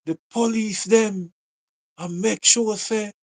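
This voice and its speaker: A man's voice: high voice, fairly even intonation, slow, darkish tone. A man with a Jamaican accent giving a casual, repetitive commentary monologue, full of rhetorical questions.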